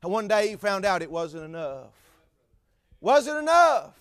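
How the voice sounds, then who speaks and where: A man's voice: high voice, very animated, measured pace, clean tone, no echo. A man preaching a fervent sermon with repetitive phrasing and stammered fillers.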